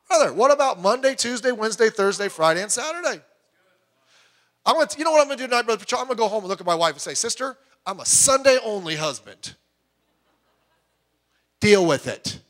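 Middle-aged male pastor with a high voice; emphatic preaching that drops to quiet asides. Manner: emphatic, swings between loud urging and quiet asides. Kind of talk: sermon.

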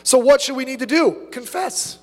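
Man, pastor preaching, high voice, animated asides, echoing hall. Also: moderate pace, soft background music. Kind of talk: sermon.

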